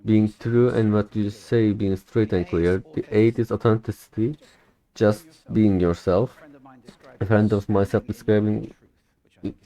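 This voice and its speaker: A young man whose first language is Turkish, shadowing a recorded speech aloud in English, with careful, deliberate delivery and occasional slips. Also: fairly low pitch, steady tone, mellow, low-quality recording. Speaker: language learner.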